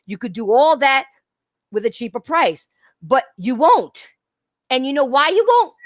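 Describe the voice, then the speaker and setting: A woman's voice: sits high, big pitch swings, unhurried, no echo. A woman hosting a gaming talk channel, ranting heatedly with mocking rhetorical questions. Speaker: channel host.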